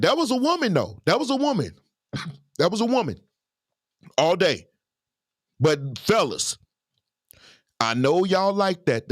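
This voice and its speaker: A high-voiced man, heard in a dry, studio-quality recording, hosts a reaction commentary. Animated and preachy, he hands out advice while addressing his listeners directly.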